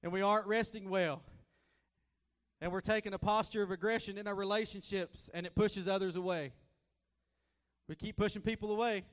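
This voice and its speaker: A man preaching a sermon as a guest preacher, folksy and repetitive, swinging between loud and soft. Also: sits high, fairly even intonation, brisk, big-room sound.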